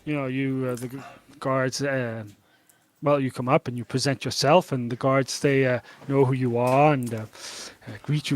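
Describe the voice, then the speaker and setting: Hesitant game master. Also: male voice, mid-range voice, fairly even intonation, moderate pace. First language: Danish. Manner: hesitant, many fillers. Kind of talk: narrating a tabletop game.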